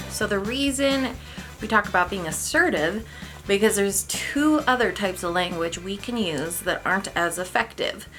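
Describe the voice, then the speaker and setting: A young adult woman hosting a live parenting talk, speaking casually and candidly, owning up to her own slips. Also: medium pitch. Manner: candid, self-deprecating, demonstrates tones. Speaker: parenting educator host.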